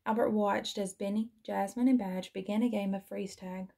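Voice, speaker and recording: A woman teacher reading a children's storybook aloud in a gentle, expressive manner. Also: mid-range voice, moderate pace, creaky.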